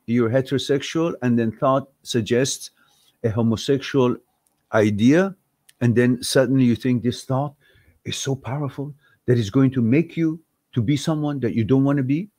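A man's voice: medium pitch, normal speed, no echo, studio quality. A man hosting a live-stream Q&A, talking bluntly and heatedly, firing off rhetorical questions and swearing when riled. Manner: rhetorical questions, animated delivery. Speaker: live stream host answering viewer questions.

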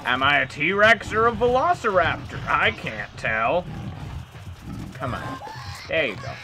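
A man's voice: fairly high pitch, sing-song, a little slow, pushed and bright, a little hiss or hum. A man giving playful gameplay commentary as a streamer, joking and talking back to the game characters. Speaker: let's play streamer.

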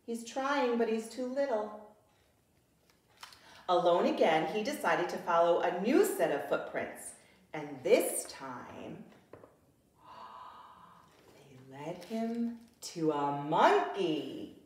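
A woman reads a picture book aloud to preschoolers, slow and deliberate with a lively, swooping voice and gasps and questions for the children. She sounds far off from the mic in a very echoey room. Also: medium pitch. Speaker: preschool teacher.

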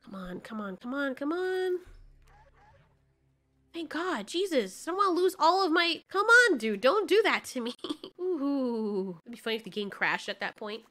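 Young female gamer, high bright voice, excitable, swears freely while she plays. Let's-play commentary. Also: moderate pace. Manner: excitable, swears a lot, talks to the game. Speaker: gaming YouTuber.

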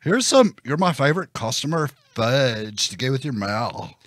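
A man's voice: medium pitch, very animated, normal speed, a bit bright, dry recording, studio quality. A man voicing a goofy, crude talking dog in a comedy sketch.

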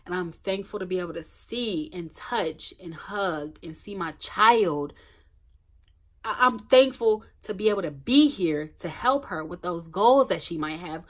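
A woman talking straight to camera in a casual motivational vlog. She is blunt and emphatic, swears freely, repeats phrases for weight, and swings between loud outbursts and hushed, near-whispered asides. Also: mid-range voice. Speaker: motivational vlogger.

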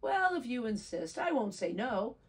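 A woman's voice: on the high side, big pitch swings, moderate pace, breathy edge, pitched above the performer's own voice, full character voice. A woman voicing a cheerful, crafty male traveling peddler in a storybook reading, sly and agreeable.

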